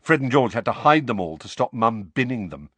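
A man's voice: medium pitch, big pitch swings, brisk, a bit bright, breathy edge, no room sound. A man reading aloud, voicing an easygoing teenage boy who chats in an offhand way. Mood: chatty.

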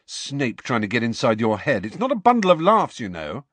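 A man voicing a frustrated, defensive teenage schoolboy in an audiobook, flat and irritable. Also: mid-range voice, normal speed, no echo. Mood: irritated. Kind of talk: audiobook character reading.

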